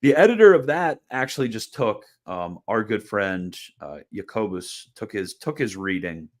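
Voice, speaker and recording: A man's voice: fairly low pitch, expressive, normal speed. A man hosting a casual explanatory video lecture, chatty and informal, often repeating words and restarting phrases, with a wry, mildly sarcastic edge. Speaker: host of a theology video channel.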